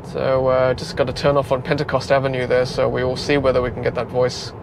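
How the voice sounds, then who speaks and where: A man's voice: mid-range voice, fairly quick, gravelly. A man, a car vlogger, chatting casually while he drives, with lots of fillers. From Australia. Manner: chatty, relaxed, frequent fillers. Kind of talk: casual talk while driving. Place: inside a moving car. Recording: road noise inside a car.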